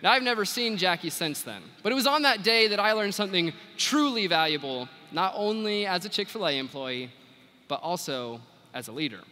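A young man with a bright, forceful voice tells a story to a big crowd. His pitch swings widely as he goes, animated and expressive. The sound rings with the long reverb of a big hall. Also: brisk. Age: young adult. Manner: animated, quotes people in acted voices. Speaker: FFA national officer giving retiring address. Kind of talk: storytelling keynote speech. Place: large convention arena.

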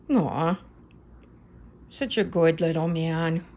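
Lady baby-talking her cat at home, slow and sing-songy, giggly. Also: fairly low pitch, dark tone. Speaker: cat owner filming her pet. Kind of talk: casual home video chat.

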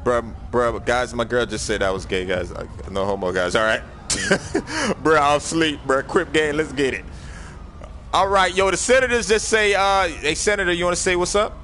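A young man on a gaming livestream, joking loudly and bossing his crew around, jumping from shouts down to low mumbles. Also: normal speed, a little hiss or hum. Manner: loud, joking, bossy, swings from shouting to mumbling. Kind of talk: casual gaming livestream chat.

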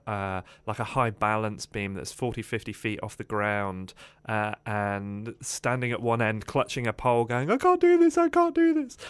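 A man telling his life story as a podcast guest in an animated way, with many "uh" fillers. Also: on the low side, smooth, dry recording.

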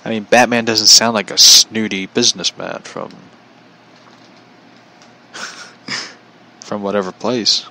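A man's voice: on the low side, fairly even intonation, slow pace, vocal fry, pauses often, sharp tone, low-quality recording. A man chatting casually on his vlog, rambling with frequent chuckles. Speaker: vlogger. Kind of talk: casual chat.

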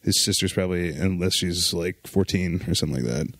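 A man with a lowish voice talks in a loose, sardonic ramble, full of "like" and restarts. The sound is dry and close, with no room around it. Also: brisk, gravelly, a bit bright, husky, no echo. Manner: sardonic, rambling with frequent fillers. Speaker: podcast guest. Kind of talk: casual podcast chat.

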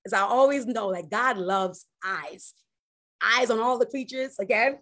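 A woman pastor preaching a sermon, animated, swinging from loud exclamations to hushed, slow emphasis. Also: on the high side.

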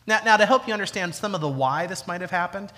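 A man preaching a sermon as pastor, emphatic and repeating key lines slowly for weight. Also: sits high, bright, forceful tone. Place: church sanctuary. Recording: church hall with long reverb.

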